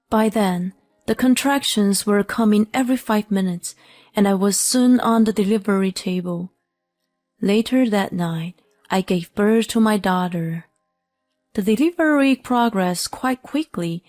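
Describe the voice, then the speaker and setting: Slow, measured woman storyteller. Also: mid-range voice, dry recording. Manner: slow, even first-person storytelling. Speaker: story narrator. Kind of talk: scripted narration.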